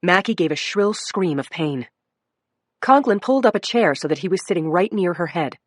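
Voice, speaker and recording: A woman's voice: on the low side, animated, normal speed, no echo, clean studio sound. A woman reading a crime audiobook in a dramatic narration style. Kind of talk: scripted narration.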